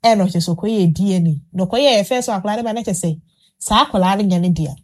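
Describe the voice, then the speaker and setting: A woman hosts a casual chat and tells a long story, animated and full of restarts. She fills her pauses with little sounds as she goes. Her voice sits in an ordinary middle pitch. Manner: animated retelling with many fillers and restarts.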